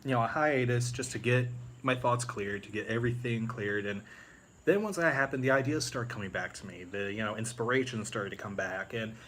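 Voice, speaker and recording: A man's voice: medium pitch, a little fast, a bit bright, slight background noise. A man chatting casually on a live stream, rambling with many fillers and restarts. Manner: rambling, many fillers, breaks into movie-quote impressions. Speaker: YouTube creator on a live stream.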